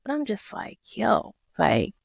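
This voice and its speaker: A woman's voice: mid-range voice, huge pitch swings, unhurried, creaky, dry recording, studio quality. A woman hosting a podcast, walking listeners through a Bible passage in a casual, slangy, emphatic way. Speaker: podcast host. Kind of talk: casual Bible study talk.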